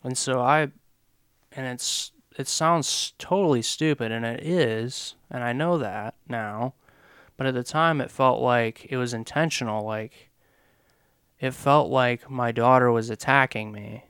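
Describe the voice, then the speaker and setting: Man, hesitant reflective storytelling, smooth resonant voice, dry close sound. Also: medium pitch, unhurried, a bit bright, dry recording. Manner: hesitant and reflective, many fillers. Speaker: podcast co-host, father sharing his story. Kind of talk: candid personal storytelling.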